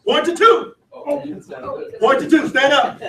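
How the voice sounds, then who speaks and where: High-voiced man shouting to a hall. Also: slow, a little hiss or hum. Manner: shouting, laughing, call-and-response with crowd. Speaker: sales trainer. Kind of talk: motivational seminar talk. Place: large event hall. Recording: echoey hall, voice from far off.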